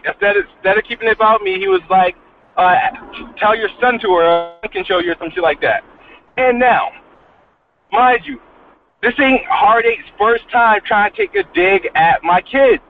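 Man, high-pitched, halting and profane, heard over a thin phone-style line. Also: very animated, background noise. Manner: halting, repeats himself, profane. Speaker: guest in a dispute. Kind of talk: heated casual argument. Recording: tinny phone-like call audio.

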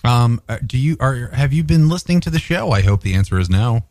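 A man's voice: mid-range voice, expressive, brisk, darkish tone, dry recording. A man co-hosting a casual radio chat show, rambling and playful. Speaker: co-host.

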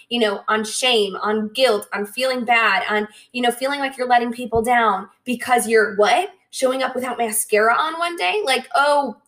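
A young woman hosting a podcast, talking casually and directly to her listeners with lots of "like" and "right?" and quick acted-out asides. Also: on the high side. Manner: chatty, frequent "like" and "right?", animated quoted asides. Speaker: podcast host.

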